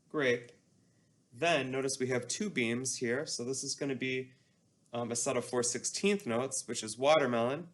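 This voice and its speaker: A man's voice: medium pitch, a bit bright. A man teaching a music class, explaining patiently and leading call-and-response chanting.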